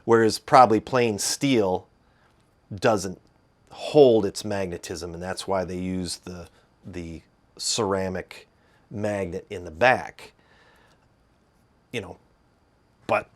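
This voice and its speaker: Midwestern male host, lowish pitch, loose unscripted explainer with frequent restarts. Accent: Midwestern American. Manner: rambling, hesitant, full of fillers and restarts. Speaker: guitar video host. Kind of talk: casual explanatory talk.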